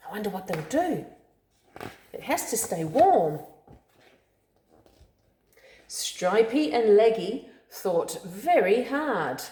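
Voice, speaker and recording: A woman reading a picture book aloud to a child, slow storytelling with friendly asides. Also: medium pitch, big pitch swings, warm tone. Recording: echoey room.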